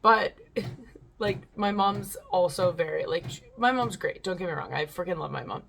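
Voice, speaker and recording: A woman's voice: fairly low pitch, animated, normal speed, vocal fry, a bit bright, a little hiss or hum. A woman hosting her own channel, chatting casually in a rambling way, swearing now and then, and reading stories aloud.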